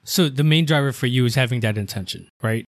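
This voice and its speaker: Mid-pitched guy co-hosting a podcast, long setup questions, says right a lot, dry sound. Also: fast, no room sound. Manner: poses long scenario questions, leans on "right?". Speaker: podcast co-host. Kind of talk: podcast interviewing.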